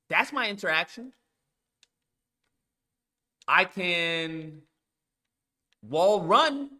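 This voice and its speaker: Male streamer host, animated casual rant, cursing and hammering points, tense bright tone. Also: fairly high pitch. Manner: emphatic, repetitive, swears often.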